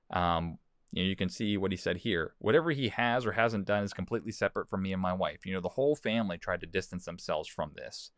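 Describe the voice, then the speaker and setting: A male talk show host offers casual commentary on news and social posts, reading quotes aloud and often repeating words. His low voice is smooth. The recording is dry and has clean studio quality.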